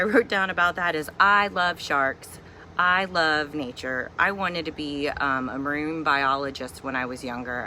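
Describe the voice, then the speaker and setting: A middle-aged mother from Virginia vents in a chatty, humorous home vlog. Her voice sounds bright and a little sharp. She keeps an exasperated, joking tone, and a faint hum sits in the background. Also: deep voice. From Virginia, USA. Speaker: vlogger and mother. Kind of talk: casual ranting vlog.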